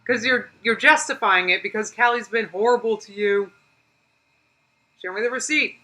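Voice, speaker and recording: A woman's voice: on the high side, normal speed, bright, forceful tone, rough recording. Exasperated woman reacting to a clip. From United States. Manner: exasperated, talks back to the clip, demands evidence; laughs often, reads viewer comments aloud. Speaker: reaction streamer. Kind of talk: live reaction commentary.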